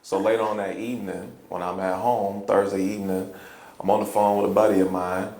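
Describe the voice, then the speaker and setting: A man from Chicago, a hip-hop poet, telling a personal story in an interview, earnest and halting, often repeating words and breaking into laughter. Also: lowish voice, flat delivery, creaky, darkish tone, slight background noise. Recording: roomy echo, faint ambience.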